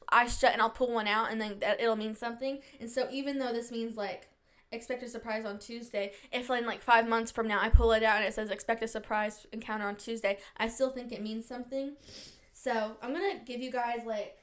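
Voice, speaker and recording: A young woman hosting her own podcast, chatting casually and quickly, full of "like" and little asides. Her voice sits a bit higher than most, and she sounds a touch sniffly. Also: fairly bright tone. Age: young adult. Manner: fast-talking, bubbly, says "like" a lot. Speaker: podcast host. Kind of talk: casual chat.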